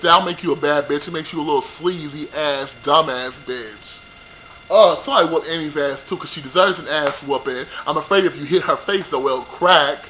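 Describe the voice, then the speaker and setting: High bright-voiced man ranting profanely. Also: slight background noise, rough recording. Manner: profane, animated, talks straight to viewers. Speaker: reality TV recap vlogger. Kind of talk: ranting show recap.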